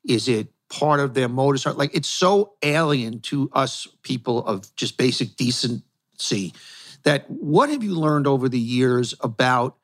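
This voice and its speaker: A man hosting an interview, asking long questions in an earnest, halting way. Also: mid-range voice. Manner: earnest, halting, searching for words. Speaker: host, interviewer.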